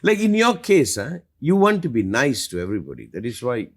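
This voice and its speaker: Husky, animated man teaching with passion. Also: a little fast. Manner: emphatic, passionate, lively swings in pitch and loudness. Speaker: spiritual teacher. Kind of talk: live Q&A talk.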